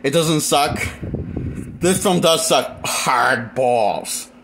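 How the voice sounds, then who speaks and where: A man's voice: fairly high pitch, very slow, vocal fry, fairly bright tone, a little hiss or hum. A man reviewing a movie in a casual, rambling rant, full of restarts and blunt, exasperated complaints. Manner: rambling, with frequent restarts and fillers. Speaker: movie critic.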